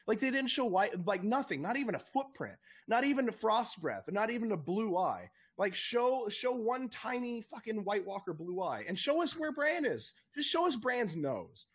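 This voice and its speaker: Husky, excitable young man ranting. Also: high voice, moderate pace, few pauses. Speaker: podcast co-host. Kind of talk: casual chat.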